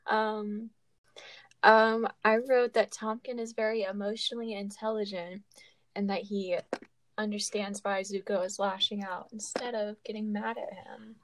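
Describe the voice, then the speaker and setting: A woman's voice: medium pitch, flat delivery, unhurried. A young woman co-hosting a casual podcast, hesitant with many ums. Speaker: podcast co-host.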